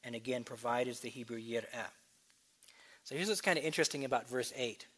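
A man preaching a sermon, explaining scripture with quick asides and slow, emphatic readings. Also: mid-range voice, fairly bright tone, breathy edge. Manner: expository teaching, shifts between brisk asides and slow emphatic reading.

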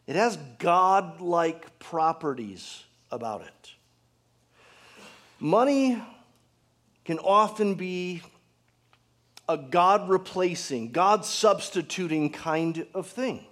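A pastor preaching a sermon to his congregation, earnest, asking rhetorical questions and dropping to a hushed tone for emphasis. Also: high-pitched, animated, slow pace, pauses often.

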